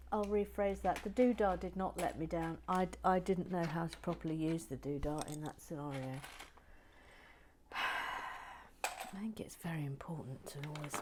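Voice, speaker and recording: A woman's voice: lowish voice, noisy background. A woman hosting a vlog, chatting casually while building with bricks and often dropping into whispered asides. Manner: muttering with frequent whispered asides. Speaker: vlog host.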